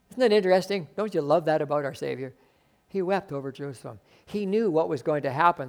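A pastor preaching a sermon, swinging between loud emphatic bursts and soft, quiet asides. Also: male voice, high-pitched.

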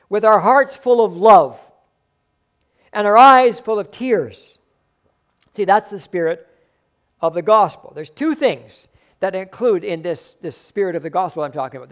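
A male pastor with a noticeably high voice delivers a sermon. He swings from loud, emphatic bursts down to soft, hushed asides. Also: expressive, moderate pace.

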